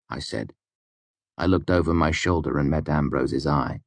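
A man with a very low, deep voice reads an audiobook in a steady, measured way. The recording is dry and close, with no room sound. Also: vocal fry, no echo. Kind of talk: scripted audiobook narration.

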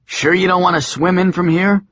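A blunt, wary fisherman, put on by a male reader, a bit higher and louder than the narrator. The tone is husky and dry. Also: steady tone, moderate pace, no echo, lo-fi sound. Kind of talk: audiobook character voice.

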